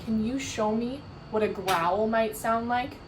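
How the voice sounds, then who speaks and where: A woman teacher reads a picture book aloud to young children, animated and asking questions as she goes. Her voice sits somewhat high and moves slowly. The sound is roomy and distant, with faint background noise. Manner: animated, asks questions, laughs. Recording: roomy echo from far off.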